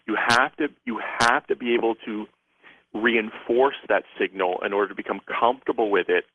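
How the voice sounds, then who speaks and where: A man's voice: on the low side, no echo. Man explaining on a tinny phone line. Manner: measured, lecturing, lists ideas. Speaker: psychic and author, radio guest. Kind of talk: explanatory talk on a call-in radio show.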